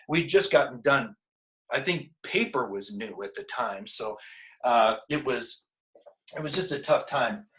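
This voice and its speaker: A man's voice: mid-range voice, lively intonation, a little slow, fairly bright tone, low-quality recording. A man teaching a casual math lesson, working problems aloud with jokes and asides. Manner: joking, thinks aloud while working problems. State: out of breath.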